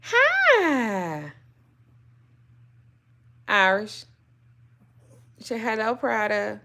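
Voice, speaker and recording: A woman's voice: medium pitch, animated, normal speed, bright, forceful tone, slight background noise. A woman talking casually to camera in a blunt, profane rant, also talking to her dogs. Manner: blunt, swears freely, talks to her dogs. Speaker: spiritual reader and vlogger.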